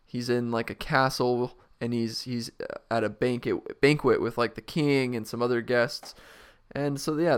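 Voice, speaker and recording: A young man hosts a podcast in a relaxed, rambling way. He talks casually, full of filler words, in a steady mid-range voice. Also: medium pitch, normal speed, smooth. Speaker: podcast host. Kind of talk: casual chat and reading aloud.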